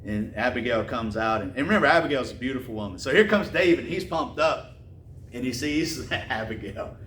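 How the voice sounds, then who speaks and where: Animated man preaching in a roomy hall. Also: mid-range voice, brisk, slight background noise. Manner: animated, repeats words, chuckles, slangy asides. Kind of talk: casual sermon storytelling. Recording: roomy and distant with faint ambience.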